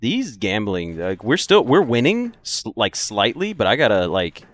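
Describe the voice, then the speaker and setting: Brief: young male streamer, low voice, loose jokey commentary, chats with viewers. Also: huge pitch swings, moderate pace. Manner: joking, laughs often, reacts to chat. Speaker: gaming streamer. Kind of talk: casual let's-play commentary.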